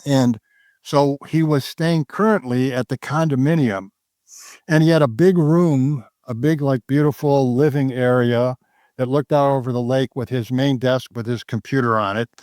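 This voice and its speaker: A man's voice: mid-range voice, steady tone, normal speed, a little mellow, no room sound. Here is an older man, a trader on an interview show, telling a story in a loose, rambling voice. He keeps stopping and restarting his sentences. The recording is dry and close, with almost no room sound. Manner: rambling, with many restarts and fillers. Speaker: guest trader. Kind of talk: casual storytelling.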